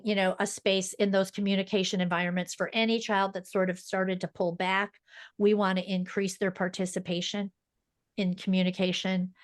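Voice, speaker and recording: A woman guest on a podcast interview talks quickly and emphatically, explaining things like a teacher. Her voice sits at an ordinary pitch for a woman. The recording is close and dry, with no room echo. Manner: fast-talking. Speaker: guest speech-language pathologist.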